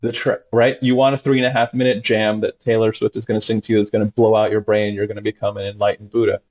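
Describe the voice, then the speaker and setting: A man, a doctor talking as a guest, telling stories animatedly and acting out his patients in sudden high voices. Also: flat delivery, fast, darkish tone, highs cut off. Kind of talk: animated conversational storytelling.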